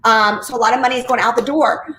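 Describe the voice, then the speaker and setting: A woman telling her story as an interview guest, a real estate agent, talking in a high-energy, enthusiastic way. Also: fairly even intonation, fast talker, bright, forceful tone, slight background noise. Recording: roomy echo.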